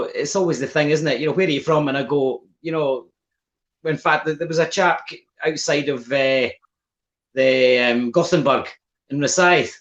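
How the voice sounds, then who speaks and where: A man's voice: a little high, a bit bright, highs cut off. A man from Fife with a Scottish accent, telling stories as a guest musician in a casual chat, often restarting his sentences. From Scotland. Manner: chatty storyteller with frequent restarts and laughs.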